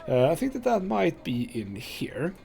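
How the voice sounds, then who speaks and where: A man's voice: on the high side, wildly swooping pitch, unhurried, vocal fry, mellow. A young man hosting a let's play, giving casual, rambling gameplay commentary and thinking aloud with lots of fillers.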